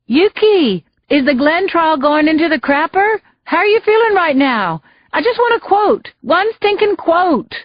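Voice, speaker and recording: A woman narrator voicing a pushy female reporter who calls out loudly in a high voice. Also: sing-song, a little slow, no echo, highs cut off, heavily acted. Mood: pestering. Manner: high, loud, hounding.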